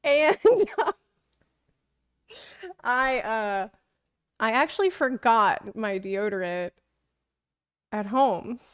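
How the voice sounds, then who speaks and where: A young woman streamer rambles through self-deprecating stories in a relaxed live chat, laughing often. Her voice is slightly high, smooth and clear, and she takes her time. The sound is dry and close. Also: very slow, long pauses, dry recording. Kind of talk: casual chat.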